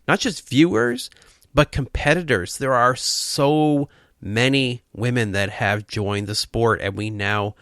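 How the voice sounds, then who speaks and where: A man's voice: medium pitch, fairly bright tone, no room sound, clean studio sound. A man co-hosting a casual podcast, talking earnestly and with enthusiasm in bursts, with restarts. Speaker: podcast co-host.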